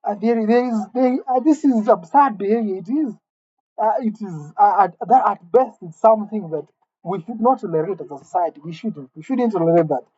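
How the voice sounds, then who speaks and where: A woman delivering a mock-serious comic rant, indignant and halting, often repeating her words. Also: mid-range voice, mellow, breathy edge, dry recording, dull audio. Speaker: comedic vlogger.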